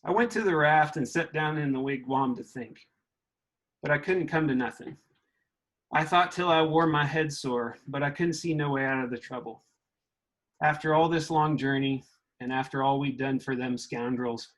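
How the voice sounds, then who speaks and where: A man's voice: mid-range voice, normal speed, fairly bright tone, natural voice, rough recording. A man reading aloud as a young Southern boy wrestling with his conscience, in a mid-Southern US accent, with plain, earnest storytelling. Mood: troubled.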